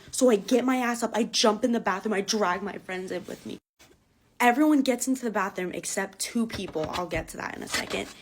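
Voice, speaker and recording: A woman telling a scary personal story in a casual storytime, swearing freely and rushing through the retelling. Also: medium pitch. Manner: profane, breathless retelling.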